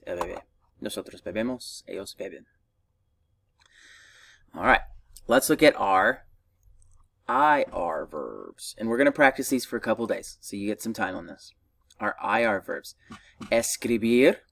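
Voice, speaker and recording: A man's voice: fairly low pitch, no room sound, recorded from a distance. A man teaching a recorded Spanish grammar lesson, patiently drilling verb conjugations for his students to repeat.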